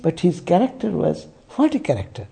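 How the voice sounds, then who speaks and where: A man's voice: sits high, huge pitch swings, brisk, vocal fry, mellow. A man giving a spiritual sermon, telling stories and checking in with rhetorical asides. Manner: storytelling, frequent rhetorical "eh?". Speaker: spiritual teacher.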